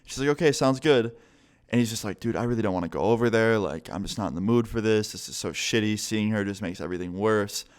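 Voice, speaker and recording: A young man casually telling a story to camera, animated and swearing often, acting out what people said. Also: on the low side, fast talker. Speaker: vlogger.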